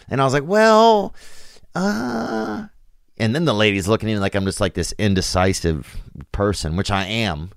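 A man hosting a show, telling a story in a meandering, halting way full of fillers and restarts. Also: on the low side, clear, resonant tone, no room sound, clean studio sound. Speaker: podcast host. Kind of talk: rambling comic monologue.

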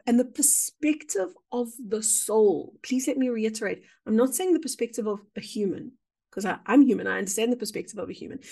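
Woman, fairly high voice, earnest and expressive guest, spiritual conversation. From South Africa. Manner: earnest, expressive, shifting pace. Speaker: podcast guest.

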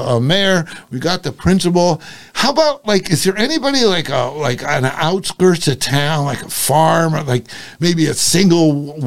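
An older man, a guest who was once a cop and private investigator, telling stories casually. He acts out the dialogue and swears casually. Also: a little high. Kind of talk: casual storytelling.

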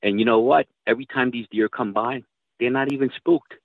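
A man's voice: mid-range voice, fairly even intonation, brisk, no echo. A man telling hunting stories in casual chat, rambling and swearing freely. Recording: dry tinny phone-like line.

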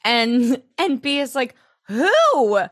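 A woman co-hosting a podcast, recapping a TV episode in casual chat, animated and swearing freely as she acts out lines. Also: medium pitch, unhurried, no echo, studio quality. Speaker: podcast co-host.

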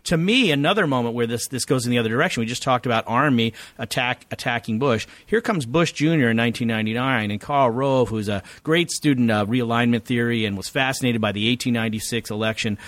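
A man's voice: medium pitch, a bit bright, dry recording. A middle-aged man, a political science professor, giving long, detailed, lecture-like answers in an interview. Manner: rapid, detailed, lecture-like explaining.

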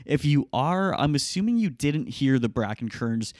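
A man's voice: mid-range voice, very animated, moderate pace, darkish tone, dry recording, studio quality. A man hosting a podcast, introducing segments in a casual, chatty way. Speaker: podcast host.

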